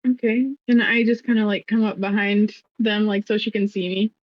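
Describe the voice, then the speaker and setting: A woman's voice: medium pitch, fairly even intonation, normal speed, no room sound. A woman playing a tabletop game, talking casually and hesitantly with fillers. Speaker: player. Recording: dull lo-fi dry mic.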